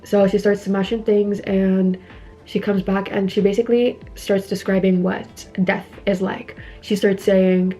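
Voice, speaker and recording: A woman's voice: mid-range voice, level tone, normal speed, gravelly, warm tone, faint music behind. Chatty young woman retelling a film. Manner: chatty, lots of "like" fillers, retells dialogue. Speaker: beauty vlogger recapping a horror film. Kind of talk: casual chat while doing makeup. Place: indoors at home.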